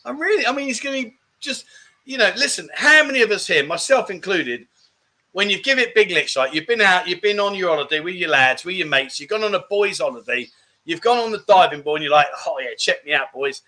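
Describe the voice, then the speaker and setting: Chatty high-voiced man hosting a live stream. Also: expressive, fairly quick, sharp tone. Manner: chatty and jokey, rambling with restarts, calls viewers mate. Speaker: live chat show host reading viewer comments. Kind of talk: casual live-stream chat.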